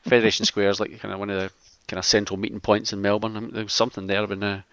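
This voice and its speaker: A man's voice: fairly low pitch, flat delivery, very fast, fairly bright tone, no room sound. A middle-aged man co-hosting a casual podcast, rambling with joking asides. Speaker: podcast co-host. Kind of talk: casual chat. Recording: dull lo-fi dry sound.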